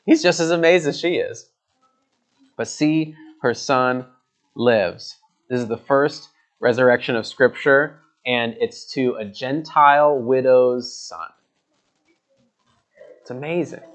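A man's voice: medium pitch, slow pace, long pauses. Earnest male preacher giving a sermon. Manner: earnest, repeats words for emphasis.

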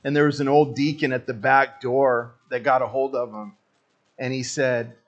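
A man's voice: medium pitch, flat delivery, normal speed, highs cut off. A man preaching a sermon as pastor, casual and joking, talking straight to the congregation.

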